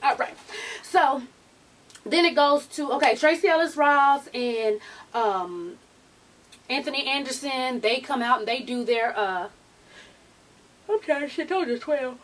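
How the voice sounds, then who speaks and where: A middle-aged woman vlogger in casual chat, talking in an animated, sassy, profane way, a little off the mic. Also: high-pitched, a little slow, pauses often, recorded from a distance.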